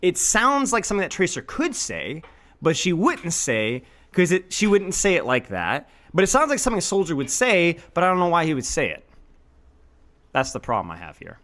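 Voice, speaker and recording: A man playing a casual gaming quiz as contestant, stammering and mocking himself as he thinks out loud. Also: a little high, normal speed. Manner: stammering, animated, self-mocking.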